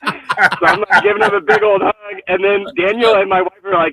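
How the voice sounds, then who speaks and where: A man calling in to a livestream and telling a lively story with frequent laughter. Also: sits high, fairly quick, dry recording, recorded from a distance. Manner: animated storytelling, laughing often. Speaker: guest caller. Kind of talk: casual chat. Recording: tinny phone-like line.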